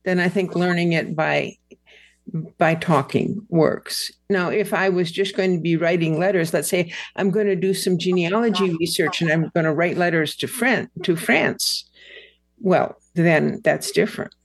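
A woman's voice: lowish voice, unhurried. A woman host in casual conversation, asking curious questions and teasing her guest lightly.

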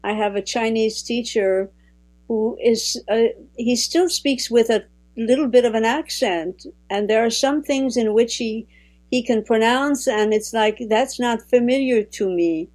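A woman from Quebec whose first language is French, chatting thoughtfully in conversation, often pausing and restarting her sentences. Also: on the high side, steady tone, darkish tone, poor audio. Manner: thoughtful, with frequent restarts and hesitations. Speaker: guest. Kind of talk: casual conversation.

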